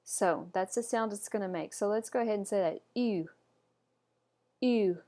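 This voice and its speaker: In a slow, patient online pronunciation lesson, a woman speaks fairly quickly in a mid-range, slightly mellow voice. She models each word carefully over and over and encourages whoever is learning.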